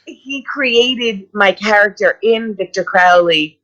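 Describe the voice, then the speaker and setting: A woman in her fifties, an actress guest telling excited stories in a casual interview. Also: medium pitch, takes it slowly. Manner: excited, gushing storyteller. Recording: slightly muffled audio.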